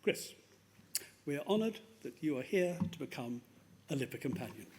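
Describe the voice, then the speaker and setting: A man presenting at a graduation ceremony, reading a formal citation in a measured way with small slips, on a podium microphone in a ceremony hall. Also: a little high, lively intonation, very noisy.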